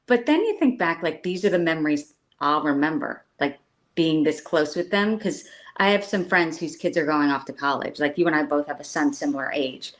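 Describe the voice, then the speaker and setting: Middle-aged woman, lowish voice, chatty and giggly, casual talk. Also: expressive, moderate pace. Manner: chatty, laughing family anecdotes. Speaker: guest. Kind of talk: casual chat.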